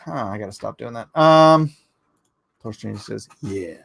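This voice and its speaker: A man with a gravelly, fry-edged voice hosts a livestream in a loose, rambling way. He jokes back at the chat between comments. The sound is dry and close to the mic. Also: fairly low pitch, animated, measured pace, fairly bright tone, no echo. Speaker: livestream host.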